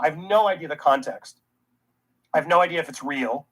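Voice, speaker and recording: Fields: Role: ranting commentary host. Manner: indignant, sarcastic. Pitch: middle. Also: fairly quick, husky, poor audio. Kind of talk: reaction commentary.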